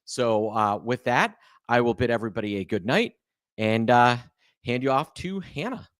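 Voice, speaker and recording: A man hosting a live webinar over a video call, relaxed and full of fillers. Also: mid-range voice, normal speed, dry recording, clean studio sound. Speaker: show host introducing guests. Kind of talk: casual live webinar intro.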